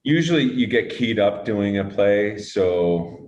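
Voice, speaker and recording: A man with a very low voice talks through his working habits as an interview guest, pausing often with fillers and restarting sentences. He drops the odd casual swear word. The room around him is echoey. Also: expressive, darkish tone, slight background noise. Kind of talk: relaxed conversational interview.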